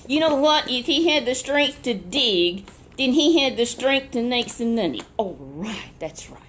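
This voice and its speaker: A woman telling a children's Bible story in a lively, chatty way, with asides to a puppet. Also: fairly high pitch, measured pace, a little hiss or hum.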